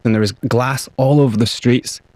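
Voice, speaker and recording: A man's voice: mid-range voice, steady tone, normal speed, a little mellow, no echo. A man with a Scottish accent, speaking as an interview guest and telling his own story in a candid, vivid way. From Scotland, raised partly in South Africa.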